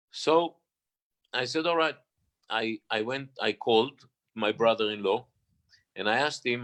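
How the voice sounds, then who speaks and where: A man, a guest stage singer, telling a personal story in an interview with many restarts. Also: lowish voice. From Israel. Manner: halting, restarts often, animated retelling.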